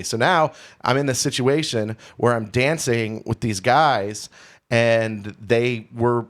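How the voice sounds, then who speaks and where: A male podcast co-host from Houston tells a story in a loose, rambling way. He is candid and self-deprecating, and he restarts his sentences often. His voice sits at an ordinary middle pitch. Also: fairly even intonation, takes it slowly. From Houston, Texas. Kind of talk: casual storytelling.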